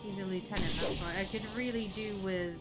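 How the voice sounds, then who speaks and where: A woman's voice: mid-range voice, fairly even intonation, a little fast. A young woman chatting casually and laughing easily while she plays and comments on a video game. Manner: chatty, giggly, exclaims at the game. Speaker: game streamer. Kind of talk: casual live gameplay commentary. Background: game music.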